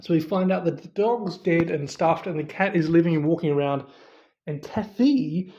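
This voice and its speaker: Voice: mid-range voice, normal speed, warm tone, roomy sound, lo-fi sound. A movie reviewer casually retelling a horror film's plot, with many fillers and quoted asides.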